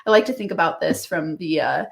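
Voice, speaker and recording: A woman's voice: low-pitched, animated, a little fast, gravelly. A woman hosting a motivational business podcast, talking straight to the listener in an upbeat, direct coaching manner.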